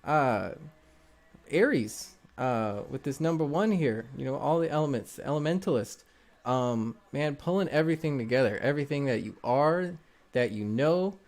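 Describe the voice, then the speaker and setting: A man's voice: a little high, darkish tone. A man with a slightly raised voice reads tarot cards live for his viewers. He talks in a loose, encouraging way, rambling with plenty of fillers as he goes. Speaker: tarot reader.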